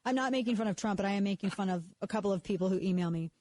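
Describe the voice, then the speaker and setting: A woman's voice: mid-range voice, racing, darkish tone. A woman hosting a live talk radio show, talking casually and sarcastically, often breaking off and restarting her sentences. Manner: sarcastic, mocks others in put-on voices; self-interrupting, repeats words when restarting. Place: radio studio.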